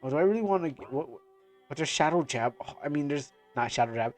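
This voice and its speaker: A man's voice: fairly high pitch, lively intonation, fast, faint music behind. A man streaming a game, rambling through casual commentary with lots of fillers and restarts. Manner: rambling, many fillers and restarts, laughs often. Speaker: gaming streamer.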